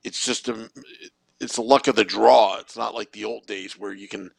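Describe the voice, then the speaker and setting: Podcast co-host: man, gravelly voice with a lively lilt, dry close sound. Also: lowish voice, normal speed, no echo. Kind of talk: casual sports podcast chat.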